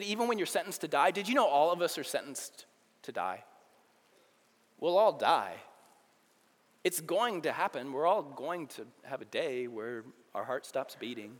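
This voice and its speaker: A man's voice: mid-range voice, very animated, measured pace, pauses often. A young adult man, a youth pastor, preaching a casual, conversational sermon in a church hall. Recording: long hall reverb.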